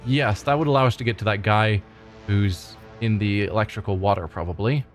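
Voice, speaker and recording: A man's voice: lowish voice, fairly quick, soft background music. A man hosting a let's play, reading the game's text aloud and commenting on it in a casual, thinking-aloud way.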